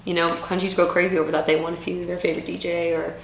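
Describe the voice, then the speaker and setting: Girl talking while she eats, lowish voice, kinda echoey room w faint hiss. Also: flat delivery, rapid-fire, creaky. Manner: talks between bites while eating. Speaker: co-host. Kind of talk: casual chat. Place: indoors.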